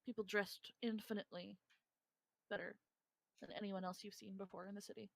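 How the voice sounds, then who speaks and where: Woman, game master, calm descriptive narration, dry close sound, mid pitch. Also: fairly quick, creaky, dry recording, low-quality recording.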